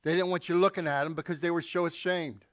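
A man's voice: a little high, fairly even intonation, quick pace, no echo, clean studio sound. A male pastor preaching a sermon, telling stories and acting out quotes with asides to the congregation.

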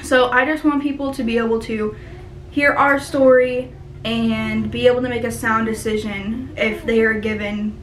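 A young woman, a mother, speaking earnestly in a personal vlog, with many pauses and fillers. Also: a little high, slight background noise. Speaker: mother sharing her baby's story. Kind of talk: personal vlog talking to camera. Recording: echoey room.

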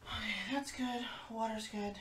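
A woman's voice: a little high, fairly even intonation, unhurried. A woman hosting a casual livestream, chatting with viewers and cooing to kittens. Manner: chatty, talks to kittens and reads viewer comments. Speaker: livestream host. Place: room with kittens. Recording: roomy, distant mic, faint noise.

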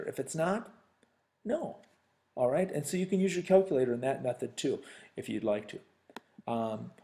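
A man's voice: fairly high pitch, vocal fry, warm tone. A man teaching a recorded sixth-grade math lesson, talking straight to his students in a chatty, joking way. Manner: chatty, addresses students directly, jokes.

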